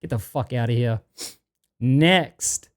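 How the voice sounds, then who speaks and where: A man's voice: mid-range voice, slow. A man streaming, ranting and reading chat messages aloud in a profane, exasperated way.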